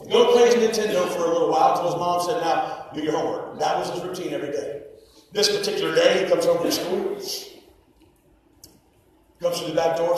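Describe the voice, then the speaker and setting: Man preaching testimony, high-pitched, fervent, booming echoey hall, far from mic. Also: a little hiss or hum. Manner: impassioned, bursts into shouting. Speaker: testifying speaker. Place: church hall.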